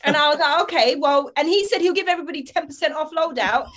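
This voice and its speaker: A woman's voice: sits high, quick pace, a crowd in the background. A woman, co-hosting a casual podcast and complaining with emphatic, mock-indignant banter. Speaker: podcast co-host.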